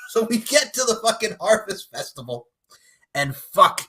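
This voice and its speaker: A man hosting a podcast, recapping a movie in casual chat, animated and profane, often laughing. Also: sits high, moderate pace, breathy edge. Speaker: podcast host.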